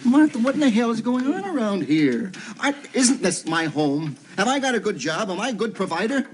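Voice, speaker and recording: Blustering father; high, jumpy delivery, indignant. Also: big pitch swings, brisk, background noise. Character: blustering middle-aged father of the house. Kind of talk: 1970s TV soap acting.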